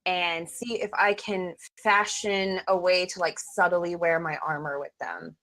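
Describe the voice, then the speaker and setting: A woman's voice: lowish voice, fairly even intonation, a little slow, fairly bright tone, poor audio. A woman playing a tabletop game in a chatty, upbeat way, full of fillers. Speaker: player.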